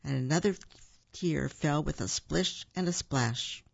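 A reader reading a children's storybook aloud, pausing with ums to explain words to the listeners. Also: mid-range voice, creaky, husky, dry recording. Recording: dull, dry recording.

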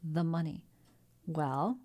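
A woman voicing a blunt, loyal old male sailor who talks in a gruff, plain-spoken way in a storybook reading. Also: low-pitched, expressive, takes it slowly, mellow, full character voice. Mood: earnest.

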